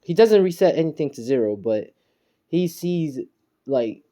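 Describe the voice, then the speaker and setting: A man loosely retelling a fan story in his own everyday voice. His tone is mellow and a little dark. He rambles along with fillers and the odd chuckle. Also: a little high, expressive, measured pace.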